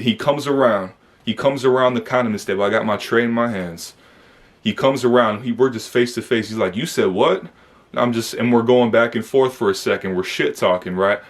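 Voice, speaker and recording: A young man from Michigan telling a personal story to camera in a casual, conversational way, with frequent fillers and tag questions. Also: mid-range voice. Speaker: vlogger recounting his youth incarceration.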